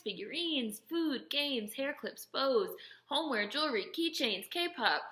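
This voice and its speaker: Bright-voiced chatty woman in an echoey room. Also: mid-range voice. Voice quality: excitable, chatty, heavy filler "like". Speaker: YouTuber. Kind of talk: casual unboxing vlog.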